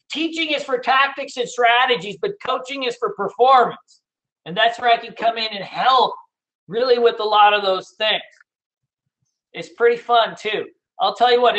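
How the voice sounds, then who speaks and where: High, bright-voiced man pitching a trading course. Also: rough recording. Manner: blunt, swears freely, talks straight to the audience. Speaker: day trading instructor. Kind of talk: casual sales pitch for a course.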